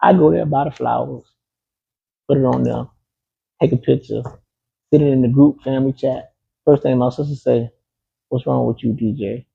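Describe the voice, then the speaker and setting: A man's voice: medium pitch, fairly even intonation, normal speed, creaky, long pauses, slightly rough, narrow, tinny audio. A man being interviewed, telling a personal story in a casual, emphatic way, often repeating key phrases. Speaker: interview guest.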